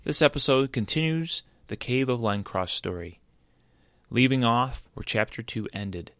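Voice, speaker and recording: A man's voice: medium pitch, lively intonation, measured pace, a bit bright, dry recording. A man introducing a story podcast episode, announcer-like and teasing what comes next. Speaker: podcast host.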